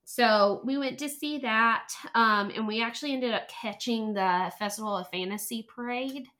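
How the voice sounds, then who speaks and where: Woman telling a story, bright voice, acts out what people said. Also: on the high side, moderate pace. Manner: animated storyteller, acts out quotes. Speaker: podcast guest, travel planner. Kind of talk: casual chat.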